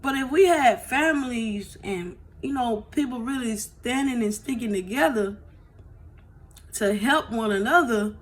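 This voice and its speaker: A woman's voice: a little high, unhurried. A woman vlogger telling her story to viewers on a phone, emotional and blunt, swearing freely and often asking "you know what I'm saying".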